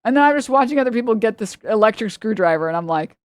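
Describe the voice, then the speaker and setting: A woman's voice: a little high, expressive, fast talker, no room sound. A woman livestreamer chatting casually with her viewers, blunt and profane, with frequent laughs.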